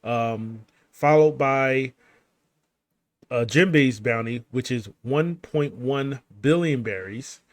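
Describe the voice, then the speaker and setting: A man's voice: mid-range voice, takes it slowly. A man casually recapping a manga chapter over game footage, rambling with lots of fillers, restarts and little chuckles. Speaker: gaming channel host recapping a manga chapter.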